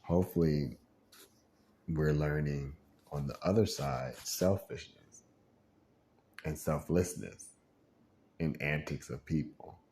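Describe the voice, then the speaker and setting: A man's voice: very deep voice, slow, long pauses. A man venting in a casual monologue, rambling and frustrated, acting out the voices he quotes. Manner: animated, acts out quoted voices, frequent laughs.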